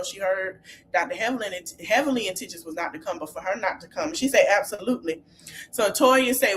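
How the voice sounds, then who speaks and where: A woman podcast host casually recapping reality TV scenes, animated and laughing often as she retells what the cast said. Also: mid-range voice, slight background noise.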